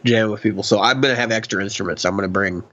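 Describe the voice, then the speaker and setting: Bright-toned man in casual gear chat. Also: fairly low pitch, no echo, dull audio. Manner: chatty, enthusiastic, quick asides. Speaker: podcast co-host, guitarist.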